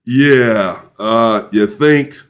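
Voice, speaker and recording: A man hosting his own commentary channel, ranting indignantly and jumping to high exclamations. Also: extremely slow, a little hiss or hum.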